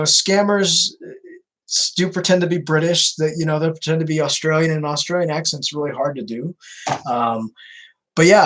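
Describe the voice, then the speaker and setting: A man's voice: on the high side, a bit bright, rough recording. A man who baits scammers, answering viewer questions in a chatty Q&A livestream, repeating himself with many fillers. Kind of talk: casual Q&A livestream.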